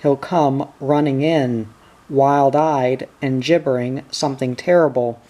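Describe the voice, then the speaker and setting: A reader voicing a worried middle-aged country wife, telling her troubles slowly. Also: mid-range voice, steady tone, mellow, close to an everyday voice. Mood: troubled.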